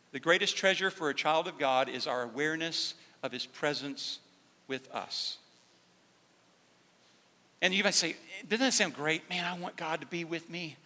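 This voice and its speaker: Bright-voiced male preacher in an echoing hall. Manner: swings from hushed, slow emphasis to loud, high-pitched fervor. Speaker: pastor. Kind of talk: sermon. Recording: long hall reverb.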